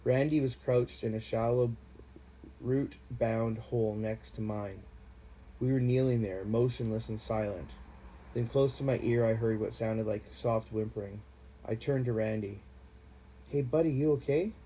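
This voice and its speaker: A man reading a war memoir aloud in a plain, unpolished way, with a mid-range voice. His tone is dark and mellow, and a faint hiss sits under the reading. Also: fairly low pitch, steady tone, measured pace, poor audio. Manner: plain, unpolished, casual asides. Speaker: audiobook reader.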